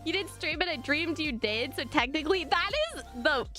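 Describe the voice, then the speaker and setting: A woman streaming live and chatting casually with her viewers, swinging between excited squeals and low mumbling. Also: moderate pace, faint music behind.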